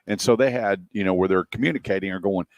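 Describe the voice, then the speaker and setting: A man's voice: sits low, fast, no echo, lo-fi sound. A middle-aged man in casual radio chat, telling anecdotes and acting out quoted lines. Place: radio studio.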